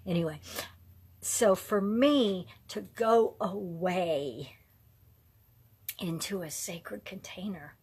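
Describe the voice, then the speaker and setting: A middle-aged woman hosting a casual live online talk, rambling and digressive, often drifting into soft, whispery asides. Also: lowish voice, breathy edge.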